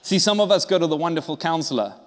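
A man's voice: fairly high pitch, lively intonation, quick pace, in a large hall. A male pastor preaching a sermon, emphatic and conversational, often acting out short dialogues.

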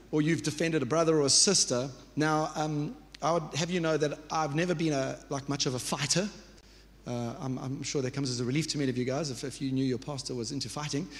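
A pastor in his thirties preaches in a warm, conversational way, doubling back on words as he builds each point. His voice sits a touch high for a man. It carries a long reverb, as if from a church hall. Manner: earnest, conversational preaching with repetitions and asides. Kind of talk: sermon.

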